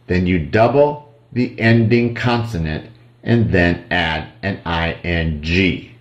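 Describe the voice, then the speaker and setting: A man with an American accent teaching English grammar to children, slowly spelling out letters and repeating drill sentences. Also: on the low side. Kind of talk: slow drilled grammar lesson for kids. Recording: echoey room.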